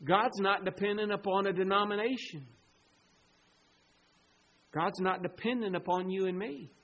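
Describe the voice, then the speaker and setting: A man delivers a sermon in a fairly high voice. He swings between loud, emphatic stretches and hushed, low-voiced asides, and he slows right down to draw out words when he reads scripture aloud. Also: steady tone, highs cut off. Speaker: pastor.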